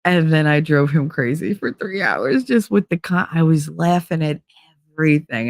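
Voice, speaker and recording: A woman's voice: sits low, moderate pace, dry recording, soft background music. A woman hosting her own stream, telling a story casually, swearing freely and acting out what people said. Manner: animated, swears freely, acts out quotes. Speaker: stream host.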